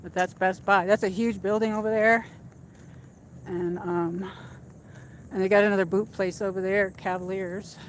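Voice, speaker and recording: A woman's voice: mid-range voice, fairly even intonation, moderate pace, long pauses, slight background noise. Chatty woman rambling on a walk. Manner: rambling, chatty, trailing off with fillers. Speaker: livestream host. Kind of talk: casual walk-and-talk chat. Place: outdoors in a shopping area at dusk.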